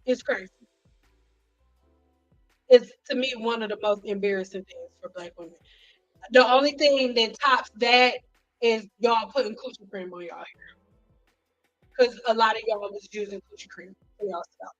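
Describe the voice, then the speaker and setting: A woman hairstylist telling stories in a casual vlog, animated and acting out what people said. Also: fairly high pitch, normal speed, long pauses. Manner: animated, acts out quotes, frequent "like". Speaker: hairstylist vlogger. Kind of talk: casual storytelling to camera. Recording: dull lo-fi sound with faint music behind.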